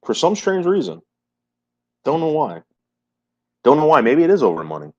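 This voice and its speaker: A man's voice: on the high side, huge pitch swings, moderate pace. Repetitive, emphatic livestreaming man. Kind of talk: casual livestream chat. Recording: muffled lo-fi livestream audio.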